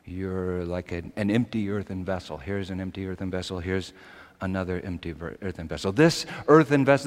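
A man delivers an impassioned sermon in a slightly low voice. He drops to hushed tones and then builds toward fervent, raised passages. The sound carries a long reverb, as if he is recorded in a large church hall. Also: normal speed, hardly any pauses. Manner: impassioned, swings from hushed to shouting. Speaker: preacher.

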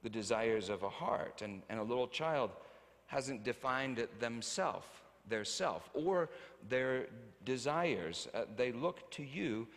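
A man preaching a sermon, a father telling stories about his children, animated, swinging from loud to hushed. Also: medium pitch, slow pace, big-room sound. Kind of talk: sermon with acted anecdotes.

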